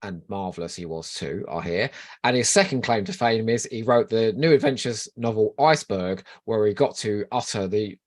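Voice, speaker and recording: A man's voice: fairly low pitch, moderate pace, darkish tone. A man co-hosting a podcast in casual fan chat, playful and teasing with mock outrage. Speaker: podcast co-host.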